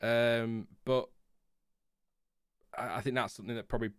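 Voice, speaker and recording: A man in his thirties chats loosely on a live stream, rambling and poking fun at himself with little chuckles. His voice is smooth and resonant, and it sits close and dry on the mic with no room sound. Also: medium pitch, fairly even intonation, moderate pace, no room sound. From Lincolnshire, England. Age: 30s. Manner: rambling, self-deprecating, chuckles often. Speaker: F1 channel host. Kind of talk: casual live-stream chat answering viewers.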